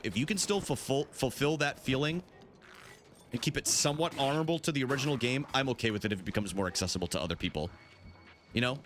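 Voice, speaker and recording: Lively-voiced man streaming a game. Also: medium pitch, slight background noise. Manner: chatty, answers chat, swears freely. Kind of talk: casual live-stream chat while gaming.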